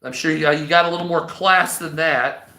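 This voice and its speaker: A man in his forties rants freely on a livestream, swearing often and rambling between topics. His voice is bright and pitched a little high. It rings in an echoey room. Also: fairly even intonation, moderate pace. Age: 40s. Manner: profane, rambling ranting. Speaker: livestream host. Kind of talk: casual livestream monologue.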